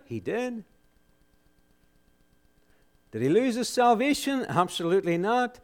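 Preaching in a high voice, a man fires off rhetorical questions and answers each with emphasis. His sermon alternates between loud exclamations and quiet, solemn passages.

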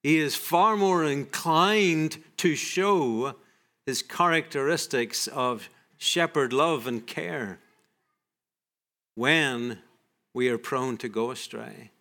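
Slow, measured male preacher. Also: medium pitch. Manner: slow, measured, drops soft at phrase ends. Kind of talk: sermon.

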